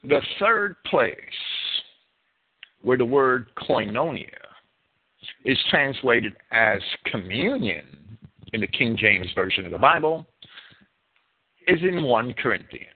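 Slow emphatic preacher with a New Jersey accent. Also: male voice, mid-range voice, big pitch swings, husky. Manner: emphatic, deliberate, stretching key words. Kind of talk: bible teaching sermon. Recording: phone-like narrow sound.

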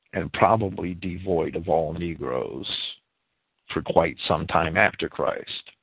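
A man giving verse-by-verse scripture commentary, deliberate and careful, stopping to spell out words and their pronunciations. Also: low-pitched, creaky, slightly rough, no room sound. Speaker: Bible commentator. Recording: tinny phone-like dry audio.

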